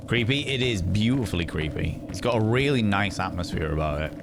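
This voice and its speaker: A man with a fairly low voice talks himself through a game in short, half-mumbled remarks. He sounds like a streamer commenting as he plays. A steady layer of ambient noise sits clearly under his voice. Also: brisk, hardly any pauses. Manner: thinks aloud in short muttered remarks. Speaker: gaming streamer. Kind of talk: live gameplay commentary.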